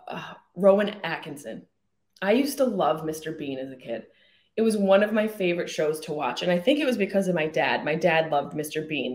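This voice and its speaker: A woman with a voice on the low side chats alone on her podcast, telling loose, jokey stories laced with plenty of cursing. The recording is reverberant.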